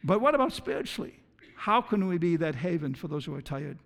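A man's voice: a little high, very animated, a little fast, creaky, big-room sound. A man preaching a sermon as pastor, earnest, often stumbling over and repeating his words. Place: church.

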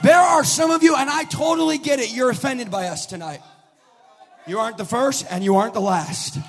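A man preaching a shouted revival sermon at a meeting, punctuating each phrase with a sung "uh" in a chanting cadence. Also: very high-pitched, brisk.

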